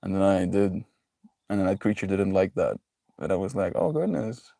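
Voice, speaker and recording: A man's voice: low-pitched, flat delivery, fairly quick, mellow, dry recording, studio quality. A young man chatting casually on a live stream, reading chat messages aloud and laughing often in a joking way.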